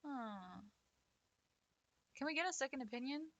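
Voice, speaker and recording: A woman's voice: high-pitched, animated, unhurried, fairly bright tone, no room sound. A woman chatting casually with her stream chat while drawing. She laughs often and talks with lots of fillers. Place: home setup at a computer.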